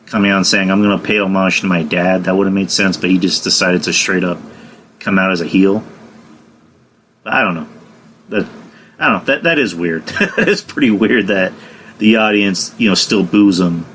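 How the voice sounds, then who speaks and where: A man's voice: sits low, moderate pace, a bit bright, a little hiss or hum. A man hosting a casual wrestling podcast, rambling with lots of fillers and laughing often. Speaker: podcast host.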